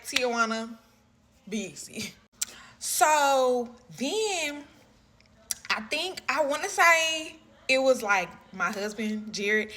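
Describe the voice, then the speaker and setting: A woman telling a personal story in a casual, animated way, full of "like" and "you know what I'm saying". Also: fairly high pitch.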